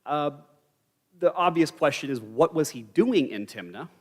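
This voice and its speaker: A man's voice: on the high side, animated, measured pace, darkish tone. Wry man teaching in a reverberant church hall. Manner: conversational, wry asides and humor. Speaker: Bible study teacher. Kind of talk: Bible study teaching. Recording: church live stream with long hall reverb.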